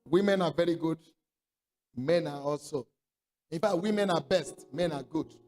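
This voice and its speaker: A man's voice: a little high, normal speed, darkish tone, faint music behind. A man preaching a sermon, emphatic, repeating his points and calling for response from the congregation.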